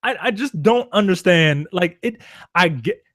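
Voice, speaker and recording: A man's voice: sits high, lively intonation, measured pace, fairly bright tone, no echo. A man co-hosting a podcast, trading wry jokes in a casual film discussion. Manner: wry joking asides, dry delivery. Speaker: podcast co-host.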